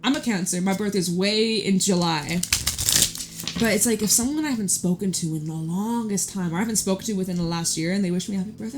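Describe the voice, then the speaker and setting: A woman's voice: medium pitch, animated, brisk, music in the background. A woman giving a casual tarot reading to her viewers, chatty and frank, with laughing asides and the odd swear. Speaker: tarot reader.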